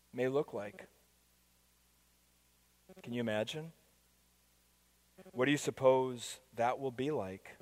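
A man preaching a sermon as pastor, moving between soft, intimate asides and loud, emphatic declarations. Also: mid-range voice. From United States.

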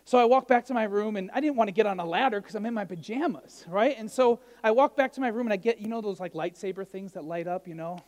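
High-voiced man preaching casually. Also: quick pace, few pauses, a little mellow, big-room sound. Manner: conversational, asks the crowd "right?", tells jokey stories. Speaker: pastor. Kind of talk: sermon.

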